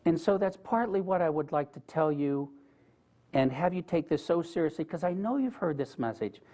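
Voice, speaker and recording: A man's voice: a little high, animated, moderate pace, dark tone. Earnest man telling stories to an audience. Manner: earnest, conversational, asks the audience questions. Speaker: guest speaker. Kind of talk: storytelling lecture to an audience. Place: lecture room with a live audience.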